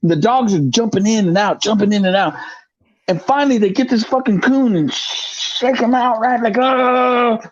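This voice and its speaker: A man telling a hunting story in casual podcast chat, profane and animated, acting out the other people's voices. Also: high voice, normal speed, highs cut off, slight background noise. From grew up in the projects. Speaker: podcast host.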